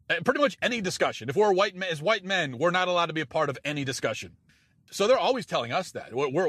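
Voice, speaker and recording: A man's voice: on the high side, bright, forceful tone, dry recording, clean studio sound. A man delivering a sarcastic, incredulous opinion monologue, often stumbling and restarting as he talks. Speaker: political commentator.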